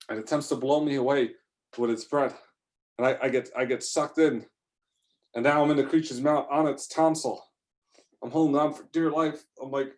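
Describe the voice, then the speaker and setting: A man telling an improvised first-person adventure story in a rambling, excitable way, full of fillers and restarts. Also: medium pitch.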